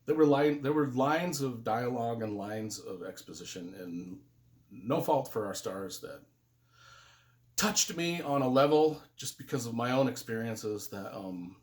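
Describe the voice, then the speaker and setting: A man's voice: mid-range voice, expressive, measured pace. A man giving a casual spoken book review, earnest and emotional, rambling with restarts. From United States.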